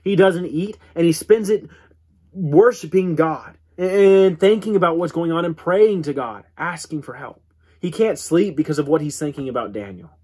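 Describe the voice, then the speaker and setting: A man teaching a church Bible class in an earnest way, often restarting words and letting his voice drop low at the ends of lines. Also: normal speed, darkish tone, slightly rough. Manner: earnest, repeats words when restarting, dramatic drops in pitch.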